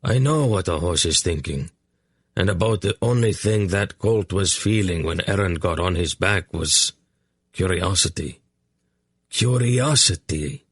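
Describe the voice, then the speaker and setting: A male audiobook reader doing a hawk-faced warrior who trains horses, cautious and gruff. His voice is low and husky and dry up close. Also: a little slow, no echo, exaggerated voice. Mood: baffled. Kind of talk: audiobook narration.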